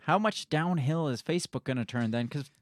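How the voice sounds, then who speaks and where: A man with a brisk, higher-than-average voice co-hosts a casual live-streamed talk show, recorded with clean studio sound and no room echo. He reads the news aloud, tosses in blunt comments of his own, and often laughs and swears.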